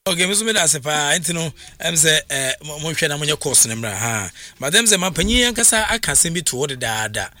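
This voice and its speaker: A man's voice: on the high side, lively intonation, fast, few pauses, sharp tone, dry recording. A Ghanaian man hosting a sports radio talk show, chatting loosely with many fillers.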